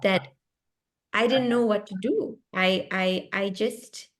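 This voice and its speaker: Animated South African woman telling a story. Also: mid-range voice, takes it slowly. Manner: animated, laughing, lively and expressive, with self-interruptions. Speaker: author. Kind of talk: storytelling in a book club chat. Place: video call. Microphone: computer mic on a video call.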